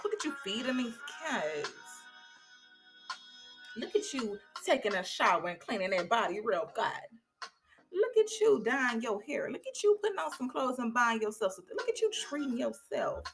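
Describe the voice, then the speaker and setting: Woman doing a flirty self-admirer, high, gushing, playful. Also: very animated, moderate pace, soft background music. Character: flirty woman hyping herself up.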